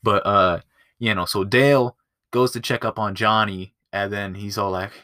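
A man with a lowish voice recaps a movie on his podcast in a loose, rambling way, swearing freely and doubling back. He is recorded close up, and the sound is dry. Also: steady tone, normal speed, sharp tone, no room sound. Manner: rambling, profane, loses his place. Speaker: podcast host. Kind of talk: casual movie review chat.

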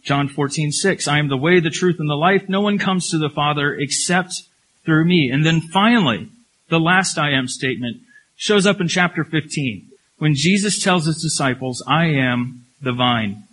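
A man preaching a sermon. He talks emphatically, repeats key phrases, asks rhetorical questions and slows down when he reads scripture. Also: a little high, a bit bright, poor audio. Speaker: pastor.

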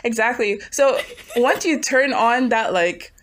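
A teenage girl in a casual podcast chat, explaining things and telling stories in an animated way. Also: a little high, a little slow, crowd noise.

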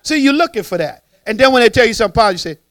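Preach like an animated man with a pastor's swing, voice riding high and up and down, keep it close and dry. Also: racing, no room sound. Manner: animated, conversational, acts out voices. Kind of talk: sermon.

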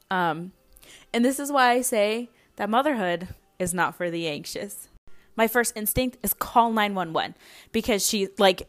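A woman's voice: mid-range voice, fairly bright tone. Young mother rambling through a story. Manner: rambling, many fillers and restarts, anxious retelling. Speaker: podcast host. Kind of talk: casual storytelling monologue.

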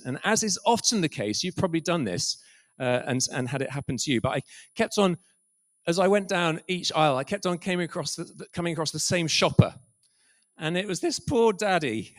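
A middle-aged preacher with a fairly high male voice. He tells stories in a relaxed sermon style, with quiet asides along the way. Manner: storytelling, quiet asides and soft whispered quotes.

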